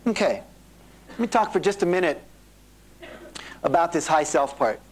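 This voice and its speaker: Animated man giving a seminar talk. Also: on the high side, moderate pace, a little hiss or hum, poor audio. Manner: animated storytelling, acting out quoted voices. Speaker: seminar speaker. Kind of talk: motivational seminar talk to a live audience. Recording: 1980s cassette tape of a live seminar.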